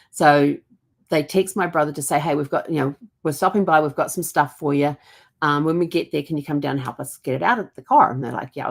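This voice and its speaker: A woman's voice: low-pitched, creaky. A middle-aged woman, casually telling family stories and laughing now and then. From New Zealand. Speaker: genealogy vlogger. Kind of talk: casual storytelling.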